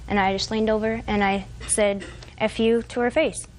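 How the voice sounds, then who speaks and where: A woman in her twenties giving courtroom testimony, retelling events haltingly with fillers and restarts. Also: medium pitch, fairly even intonation, a little hiss or hum. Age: 20s. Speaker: defendant.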